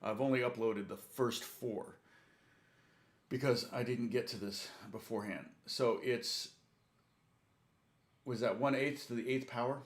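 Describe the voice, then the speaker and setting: During a live-streamed guitar lesson, a man chats and rambles, laughing a lot and greeting viewers by name as guitar plays in the background. His voice sits at a medium pitch with a steady tone, and he speaks at a measured pace with frequent pauses.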